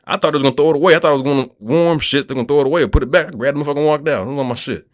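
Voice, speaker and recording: Very fast and on the high side, this man's voice carries a rambling, profane vlog monologue. He's a streetwise Kentucky vlogger who often checks in with his listeners by asking "you feel me."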